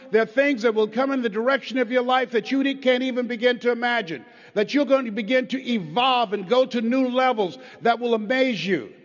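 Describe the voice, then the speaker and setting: Man pumping up a crowd, pretty high voice, long hall echo. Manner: rousing, leads call-and-response with the crowd. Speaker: motivational speaker. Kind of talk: motivational speech to a live audience. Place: large hall with a live audience. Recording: echoey hall, dull lo-fi sound.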